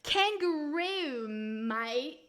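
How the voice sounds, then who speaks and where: Loud goofy mock-Aussie bit, put on by a woman, bright and shouty. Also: high voice, animated, very slow, heavily acted. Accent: mock Australian. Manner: loud, jokey, stumbling. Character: brash exaggerated Aussie larrikin, bumbling.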